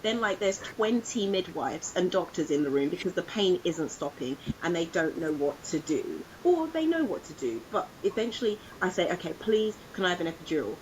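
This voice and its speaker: A woman co-hosting a podcast, her voice sitting on the lower side. She tells her story with animation, acting out the voices of the people she quotes. A faint low rumble runs behind her. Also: very animated, normal speed, few pauses, darkish tone, low-quality recording. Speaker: podcast co-host. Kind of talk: casual podcast chat.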